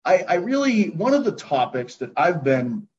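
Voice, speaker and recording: Man, podcast host, slightly high voice, rambling, reflective, casual swearing. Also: sing-song, normal speed, crowd noise. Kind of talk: casual interview chat. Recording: dull lo-fi recording.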